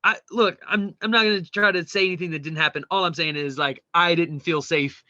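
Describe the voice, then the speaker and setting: A man co-hosting a podcast, casually retelling a show and reading memes aloud, animated and swearing freely. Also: fairly high pitch, brisk, no echo, highs cut off. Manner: animated, swearing, mimics quoted people. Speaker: podcast co-host.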